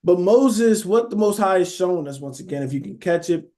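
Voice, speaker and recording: A man's voice: high-pitched, animated, a little fast, warm tone. Man preaching casually, checking in constantly. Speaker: Bible teacher. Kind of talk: sermon.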